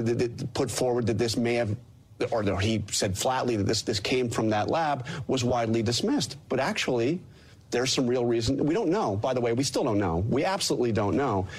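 A male news correspondent on a television panel with a mid-range voice. He speaks earnestly and haltingly, often restarting his sentences. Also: mid-range voice, poor audio.

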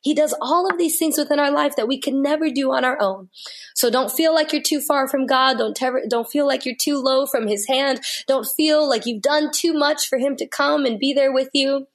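A woman with a fairly high voice speaks as a guest on a faith interview. She talks earnestly and with heart, and she stacks repeated phrases for emphasis as she shares her testimony. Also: normal speed.

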